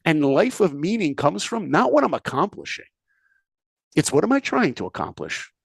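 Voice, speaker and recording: Animated male storyteller, lively pitch. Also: moderate pace, gravelly, slightly rough, dry recording. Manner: animated, acts out characters' lines, asks the listener questions. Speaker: podcast guest, speaker and filmmaker.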